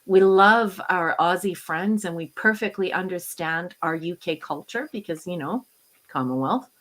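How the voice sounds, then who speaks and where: A woman's voice: lowish voice, normal speed. A Canadian woman in her fifties, a guest on a podcast, chatting casually and animatedly and laughing often.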